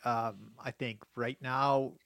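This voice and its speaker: A man's voice: medium pitch, steady tone, slow pace, gravelly, a bit bright, no room sound. A man speaking as a political commentator on a radio panel, thoughtful and hedging with fillers.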